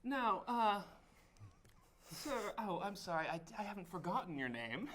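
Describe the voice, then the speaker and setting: A woman's voice: medium pitch, very animated, unhurried, fairly bright tone. Woman cast as a genteel baroness, affected and lilting, swoops through her lines. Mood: gushing. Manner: affected, genteel, calls others darling. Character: posh, gushing female baroness. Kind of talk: improvised tall-tale role-play. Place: live convention panel room.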